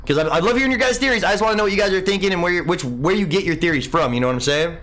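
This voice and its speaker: A young man hosts a live game stream in a loose, rambling way, answering chat comments one after another. His voice sits a little high for a man, and he keeps dropping "man" and "dude" into relaxed, unhurried talk. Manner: laid-back, rambling, says "man" a lot. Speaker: livestream host.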